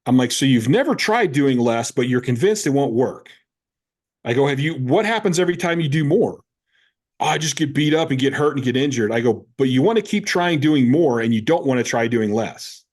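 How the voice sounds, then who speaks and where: Telling lively stories on a relaxed podcast, a man in his fifties who coaches powerlifting plays out both parts of every conversation he recalls. His pitch is ordinary for a man, and he talks at a normal rate.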